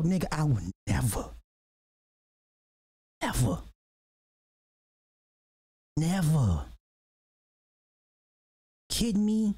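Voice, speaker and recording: A man's voice: a little high, sing-song, slow, pauses often, dark tone. A man hosting a casual livestream podcast, talking animatedly in slangy chat, laughing often and repeating himself. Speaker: podcast host.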